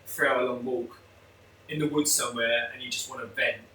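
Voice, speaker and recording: A man's voice: medium pitch, steady tone, normal speed, pushed and bright. Guy opening up in an interview, lots of restarts, echoey room w faint hiss. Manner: open, emotional storytelling with many restarts. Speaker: guest. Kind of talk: candid conversational interview. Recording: echoey room, mic at a distance.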